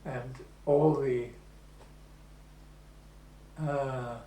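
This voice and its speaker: A man in his eighties recalling the past in an oral history interview, telling his story slowly and with pauses. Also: medium pitch, steady tone, dark tone. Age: 80s. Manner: slow, measured storytelling with pauses. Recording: echoey room with faint hum.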